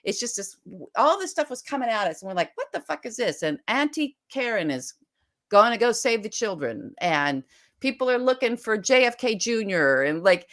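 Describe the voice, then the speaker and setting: A woman co-hosting a political podcast, talking emphatically and fast and retelling scenes vividly as she makes her case. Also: mid-range voice, big pitch swings, fairly bright tone. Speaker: podcast co-host. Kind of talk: animated political podcast talk.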